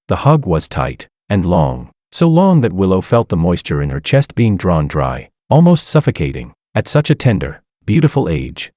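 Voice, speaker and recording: Low-voiced man narrating a story. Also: wildly swooping pitch, moderate pace, hardly any pauses, dark tone, no room sound, clean studio sound. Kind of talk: first-person story narration.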